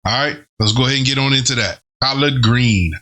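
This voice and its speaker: Bright-voiced man hyping an album. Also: mid-range voice, brisk. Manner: excited, talkative, loose slang with swearing. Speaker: host reviewing an album. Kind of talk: casual reaction commentary.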